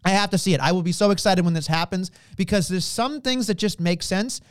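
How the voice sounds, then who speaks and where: A man co-hosting a casual podcast chat, animated, dragging out words for emphasis and throwing in playful exclamations. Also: high-pitched, brisk, clean tone, no room sound, clean studio sound. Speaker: podcast co-host.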